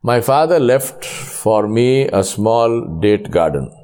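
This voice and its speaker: Man delivering a sermon, lively storyteller who plays out each character's lines. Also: mid-range voice, slow. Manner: animated, voices characters in his stories. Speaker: preacher.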